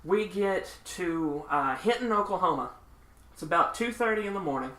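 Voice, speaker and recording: A podcast host, a man with a bright, slightly high voice, recounts tour stories with energy. He voices the people in the stories as he goes, and his laughter breaks in now and then. The sound is roomy and echoey. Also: moderate pace. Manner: animated, laughing raconteur who acts out the people in his stories. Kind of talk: casual storytelling chat. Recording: echoey room.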